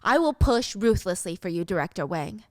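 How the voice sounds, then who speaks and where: A woman voicing a flattering, eager middle-aged male manager in a drama recap. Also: lowish voice, normal speed, dry recording, studio quality. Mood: fawning.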